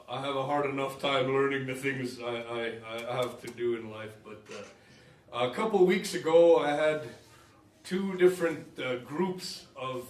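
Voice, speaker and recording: Minnesotan man joking on a live stage. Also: medium pitch. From Minnesota, USA. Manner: rambling, joking, with filler hesitations. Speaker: musician and performer. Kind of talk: chatty stage patter between songs. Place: live concert in a library hall. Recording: roomy hall, mic at a distance.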